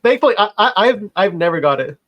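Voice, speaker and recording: A young man co-hosting a casual podcast, easygoing and quick to laugh. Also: high-pitched, expressive, lo-fi sound. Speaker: podcast co-host.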